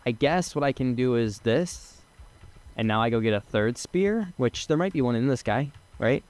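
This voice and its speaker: A young man narrating his own gameplay in a loose, chatty way. His voice sits in an ordinary middle pitch, and he jumps between excited outbursts and muttered asides, with frequent swearing and laughter. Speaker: gaming streamer. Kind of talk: casual let's-play commentary.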